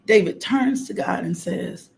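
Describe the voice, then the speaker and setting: A middle-aged woman preaching a fervent morning devotional on a livestream, repeating phrases and breaking into loud exclamations. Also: mid-range voice, lively intonation, a little slow, creaky. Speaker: host of a morning devotional stream. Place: home livestream.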